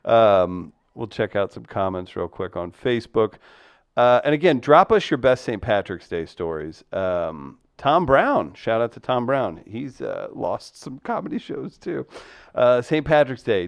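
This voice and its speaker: A man's voice: mid-range voice, big pitch swings, a little slow, vocal fry, no echo. A man hosting a casual live stream, reading out viewer comments with a loose, jokey manner and frequent laughs. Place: small studio room.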